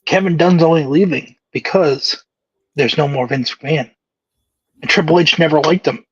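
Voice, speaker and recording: A man co-hosting a casual wrestling chat, giving measured, matter-of-fact takes. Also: on the high side, husky, muffled recording. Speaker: co-host.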